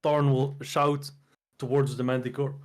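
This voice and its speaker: A man's voice: mid-range voice, little pitch movement, a little slow. A man playing a tabletop game, talking hesitantly with many fillers. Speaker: player. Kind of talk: casual tabletop play.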